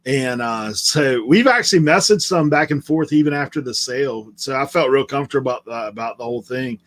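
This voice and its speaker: A man from the Outer Banks of North Carolina, with an accent mixing Southern and Outer Banks sounds, rambles through stories in a casual live-stream chat. He laughs easily and talks a little fast in a mid-range voice.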